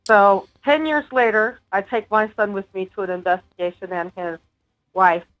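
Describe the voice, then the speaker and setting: A woman's voice: mid-range voice, expressive, moderate pace. Woman telling a story over lo-fi audio. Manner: earnest storytelling with small laughs. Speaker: guest. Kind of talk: casual interview talk. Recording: dull lo-fi remote audio with faint music.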